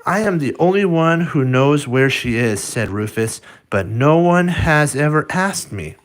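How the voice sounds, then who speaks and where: A man's voice: on the high side, lively intonation. A man reading a picture book aloud, stopping to point at the pictures and talk to the listener, with frequent restarts. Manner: halting, with restarts and asides to the viewer. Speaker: storybook reader.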